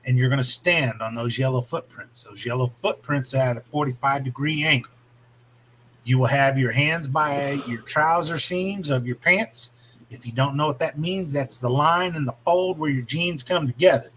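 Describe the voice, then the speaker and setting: A man's voice: medium pitch, normal speed, pushed and bright, a little hiss or hum, poor audio. A man co-hosting a casual chat, telling a long, explanatory story about basic training.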